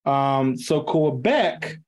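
A man co-hosting a casual talk show over a video call, animated and slangy, often laughing. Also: medium pitch, very slow. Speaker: podcast co-host. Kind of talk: casual chat. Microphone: remote call mic.

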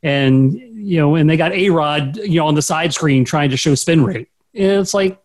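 A man's voice: fairly high pitch, moderate pace. A man hosting casual sports talk, chatty as he leads the segments. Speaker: podcast host.

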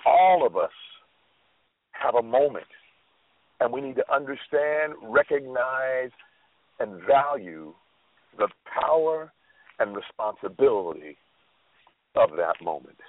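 A man's voice: medium pitch, lively intonation, slow, long pauses, no room sound. A man co-hosting a motivational talk show, telling a story in an earnest, thoughtful way with frequent restarts, heard over a tinny phone line.

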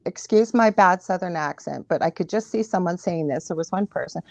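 A woman who works as a psychic medium, a podcast guest telling stories in a lively, chatty way with frequent laughs. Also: on the low side, creaky, no room sound. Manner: animated storyteller, laughs often, quick asides. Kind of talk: casual chat, storytelling.

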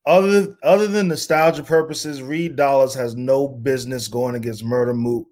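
A man's voice: medium pitch, fairly even intonation, normal speed, darkish tone. A man in his twenties calling in with blunt opinions. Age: 20s. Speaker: caller.

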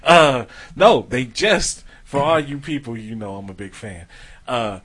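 A young man co-hosting a casual podcast, joking around and reading plugs in a playful, smooth voice. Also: medium pitch, lively intonation, a little slow, a bit bright. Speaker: podcast co-host.

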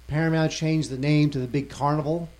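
A man's voice: fairly high pitch, steady tone, a little fast, a little mellow. A man co-hosting a film podcast, chatting casually and teasing his co-host. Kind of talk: casual chat about films.

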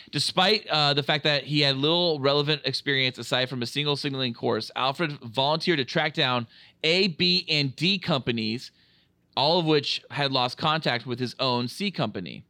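A man hosting a casual movie review podcast, talking in an animated, jokey way with plenty of swearing. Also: mid-range voice, moderate pace, no room sound. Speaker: podcast host. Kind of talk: casual film review chat.

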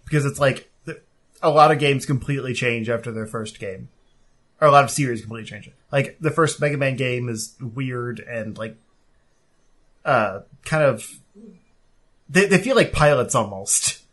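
A man's voice: mid-range voice, normal speed. A man in casual podcast chat about video games, rambling with many fillers. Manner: rambling, filler-heavy, relaxed. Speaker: podcast co-host.

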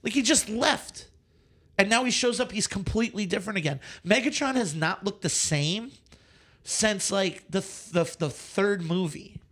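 A man co-hosting a casual movie podcast, ranting with animated exasperation and frequent swearing. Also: high-pitched, normal speed. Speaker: podcast co-host.

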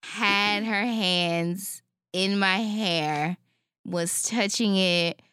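A woman's voice: mid-range voice, very slow, clean tone, dry recording. A woman co-hosting a podcast, chatting casually and acting out the people in her anecdotes. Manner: animated, acts out the people in her story. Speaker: podcast co-host. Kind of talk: casual chat, storytelling.

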